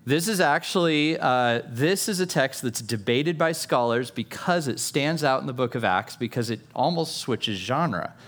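A man's voice: medium pitch, lively intonation, unhurried, hardly any pauses, a bit bright. A man preaching a sermon in a playful, conversational way, with self-aware jokes and asides to the listeners. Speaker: pastor.

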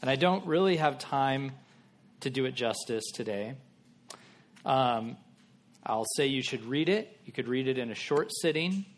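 A pastor delivers a sermon in a relaxed, conversational way, voicing biblical characters as if they were everyday people. His medium-pitched voice is animated and unhurried.

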